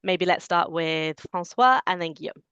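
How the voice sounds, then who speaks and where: A woman hosting a webinar, giving clear, organized announcements over a video call. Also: fairly low pitch, normal speed, a bit bright, no echo, lo-fi sound. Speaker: webinar host.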